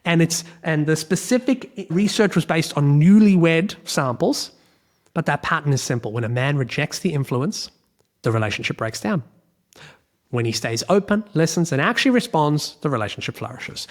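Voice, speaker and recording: A man's voice: a little high, animated, normal speed. An Australian man hosting a solo podcast, talking bluntly and emphatically, swearing freely and repeating his key points. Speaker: podcast host, relationship coach.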